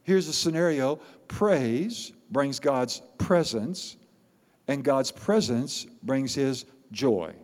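A man preaching a sermon as pastor, animated and playful, repeating words for emphasis. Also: mid-range voice, takes it slowly. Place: church sanctuary. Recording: long reverb of a large hall.

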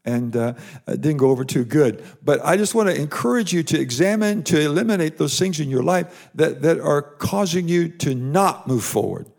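Preaching man with a gravelly voice. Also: a little high, expressive, normal speed, a little mellow. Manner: emphatic preaching with repeated phrases. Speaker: pastor. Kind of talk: sermon. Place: church or broadcast sermon to online viewers.

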